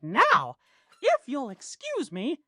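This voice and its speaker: A woman's voice: sits high, huge pitch swings, slow pace, bright, forceful tone, no room sound, clean studio sound, full character voice. A woman voicing a grumpy old man who rants about young people online. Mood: cranky. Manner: cranky, preachy ranting. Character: grumpy old man ranting at internet kids.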